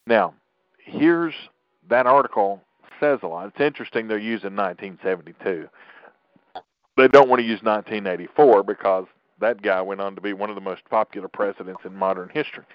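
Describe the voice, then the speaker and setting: A man's voice: fairly low pitch, fairly quick, no echo, lo-fi sound. A middle-aged man hosting a political podcast, talking in an opinionated, rambling way with frequent restarts. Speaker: podcast host.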